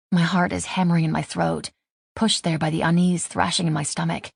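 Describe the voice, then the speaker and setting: A woman's voice: lowish voice, level tone, a little fast, vocal fry, breathy edge, no room sound, studio quality. A woman narrating a first-person audiobook in a wry, self-deprecating way.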